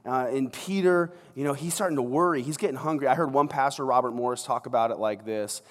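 A man's voice: medium pitch, fast. A man preaching a sermon as pastor in a large church, joking and conversational, acting out scenes as he goes. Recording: long reverb of a large hall.

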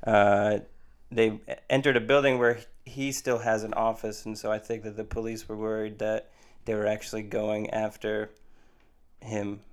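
Smooth-voiced joking male co-host. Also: lowish voice, little pitch movement, normal speed. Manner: joking, conversational. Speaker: podcast co-host. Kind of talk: casual chat.

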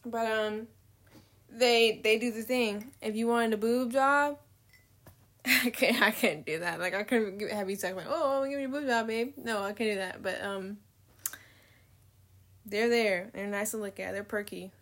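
A woman's voice: mid-range voice, fairly even intonation, a little slow, long pauses, a bit bright. A young woman vlogging in a casual, candid monologue, rambling between thoughts, swearing freely and laughing often.

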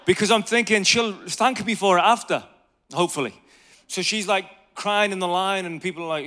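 A man in his thirties preaching a conversational sermon on evangelism, telling lively stories and asking the audience questions. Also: high voice, moderate pace.

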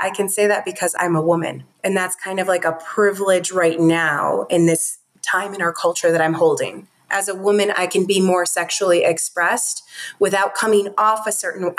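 A woman's voice: on the low side, fairly bright tone. A woman talking earnestly and from the heart as a guest in a podcast interview. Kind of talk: conversational interview talk.

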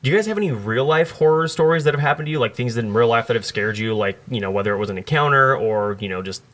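A man's voice: medium pitch, animated, fast, fairly bright tone. A man hosting a casual podcast chat, rambling and heavy on fillers as he tells a long story. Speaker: podcast host.

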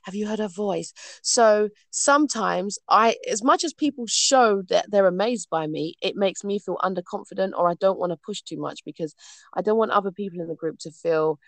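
A woman from London chats as a podcast guest in a dry, close recording. She is expressive and laughs easily, and she slips into quick voices when she retells what people said. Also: mid-range voice, dry recording. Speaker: guest, professional dominatrix. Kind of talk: casual chat.

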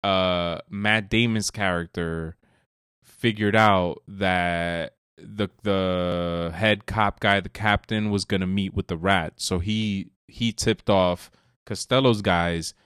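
A man's voice: deep voice, steady tone, slow pace, a bit bright, clear, resonant tone, dry recording, clean studio sound. A man co-hosting a podcast, chatting casually with loose, profane, jokey banter. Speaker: podcast co-host. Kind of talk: casual chat.

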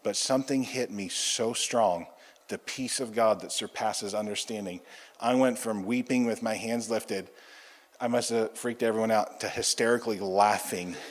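A man giving an animated testimony sermon, acting out the dialogue of his story. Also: lowish voice, normal speed. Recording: long hall reverb.

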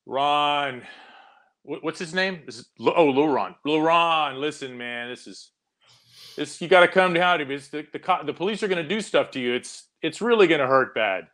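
A man mimicking a police negotiator who pleads in a flat monotone. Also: on the high side, moderate pace. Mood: droning pleading.

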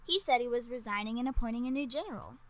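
A woman's voice: fairly high pitch, fast, natural voice, low-quality recording. A woman voicing a bold, proud little ninja girl in a storybook, matter-of-fact and cocky.

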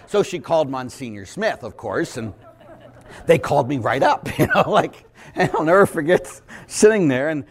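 A middle-aged man preaching as a priest, telling stories and acting out other people's voices, sometimes shouting for emphasis. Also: mid-range voice, brisk, slightly rough. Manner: animated storyteller who acts out voices and shouts for emphasis. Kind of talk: lively preaching with acted dialogue.

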